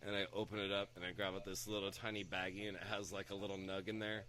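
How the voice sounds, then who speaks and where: A young man on a podcast spins a rambling anecdote in a bright, forward voice, jumping up in pitch whenever he quotes someone else. His talk is loose and profane, full of fillers. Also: quick pace. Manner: animated anecdote-telling, swearing, acting out quotes with raised pitch. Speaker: podcast co-host. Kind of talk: casual storytelling chat.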